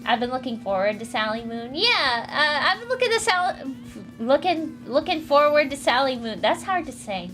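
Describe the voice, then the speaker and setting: Woman streamer, kinda high voice, giggly and chatty, faint music going behind her. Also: big pitch swings, normal speed, bright, forceful tone. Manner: giggly, chatty, thanks donors. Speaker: streamer reading comics aloud. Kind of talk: casual livestream chat. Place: home room. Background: faint music, dryer running.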